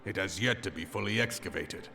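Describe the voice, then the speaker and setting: Casting: a solemn elder loremaster for a fantasy game, very low voice, archaic measured speech, game score underneath. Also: male voice, vocal fry, sharp tone, faint music behind, exaggerated voice. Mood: grave. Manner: formal archaic phrasing, measured delivery. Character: grave, learned male elder explaining ancient weapons. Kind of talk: video game cutscene voice acting.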